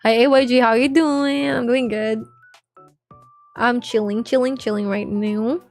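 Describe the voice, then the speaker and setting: A woman's voice: on the high side, fairly even intonation, measured pace, soft background music. A young woman streaming live, chatting casually and rambling with viewers, full of filler words and slang. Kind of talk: casual livestream chat with viewers.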